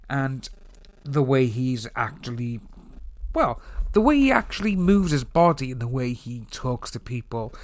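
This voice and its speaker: A Welsh man talks through his thoughts in a loose, rambling commentary vlog. His voice sits at an ordinary middle pitch. He stumbles and restarts often but stays animated. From Wales. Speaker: YouTube commentator. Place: home room with open window.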